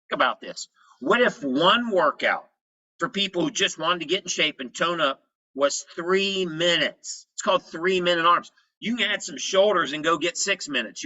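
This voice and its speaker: A man giving an energetic health presentation, telling his story in short punchy phrases. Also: on the high side, lo-fi sound.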